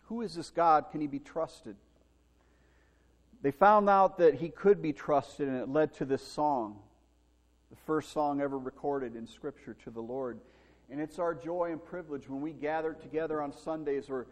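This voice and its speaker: A man preaching a Sunday sermon, telling a story in an animated way and acting out the quoted lines with shouts. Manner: animated, acts out quotes with big shouts and pitch jumps. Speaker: pastor. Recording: long hall reverb.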